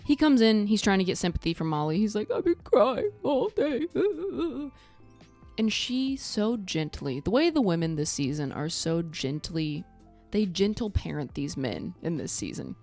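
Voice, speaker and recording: Blunt, sarcastic woman with lively pitch. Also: moderate pace, soft background music. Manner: blunt, sarcastic, swears freely. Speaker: TV recap vlogger. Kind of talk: casual recap and review.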